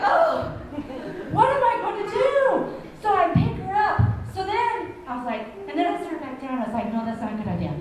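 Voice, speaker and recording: Animated woman telling a story in a hall. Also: extremely high pitch. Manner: animated, acts out her own reactions with gasps and laughs. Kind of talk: church story time, casual retelling. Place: church hall. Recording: echoey hall from far off, room noise.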